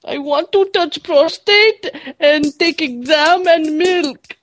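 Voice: very high voice, slow, fairly bright tone, a little hiss or hum, heavily acted. A performer putting on a rambling elderly Indian caller in broken English for a prank call. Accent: put-on Indian.

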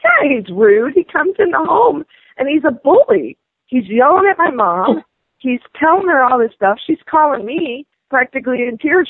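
A woman's voice: high voice, big pitch swings, normal speed, no echo. A woman complaining angrily over the phone, ranting and swearing at a customer service rep. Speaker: caller. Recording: dry tinny phone line.

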